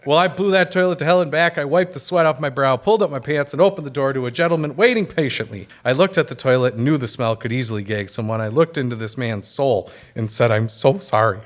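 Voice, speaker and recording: A man co-hosting a casual podcast, reading listener emails aloud at a middle pitch. He keeps it jokey and breaks into chuckles as he reads. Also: fast, few pauses. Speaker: podcast co-host.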